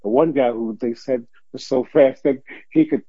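A husky-voiced older man, once a Detroit police officer, recounts stories at normal speed as an interview guest. His pitch is medium, he laughs often and acts out quoted voices, and the dull lo-fi audio carries no echo.

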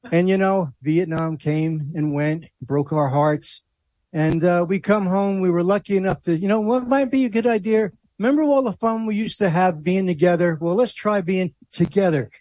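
A man's voice: high voice, a little mellow, dry recording, rough recording. An older man with a New Jersey accent, a veterans' representative telling his story earnestly and ramblingly on a radio show. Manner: earnest, rambling storytelling with repeated "you know".

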